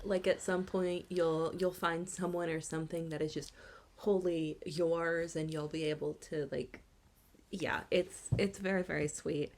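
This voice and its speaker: A woman's voice: sits low, steady tone, measured pace, a little hiss or hum. A woman co-hosting a podcast, chatting casually and gushing about a film, with frequent "like" and "um". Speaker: podcast co-host. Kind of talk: casual chat.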